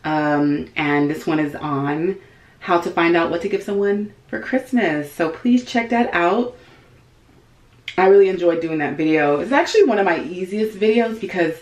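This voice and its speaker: A woman vlogging casually from her home closet, chatty and thinking out loud to herself. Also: fairly low pitch, moderate pace, roomy sound. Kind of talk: casual vlog chat.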